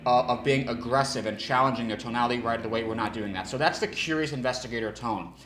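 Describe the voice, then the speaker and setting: A male sales trainer giving an energetic coaching talk who restarts his sentences and demonstrates different tones. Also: medium pitch, fast talker, reverberant, a little hiss or hum. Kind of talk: instructional talk.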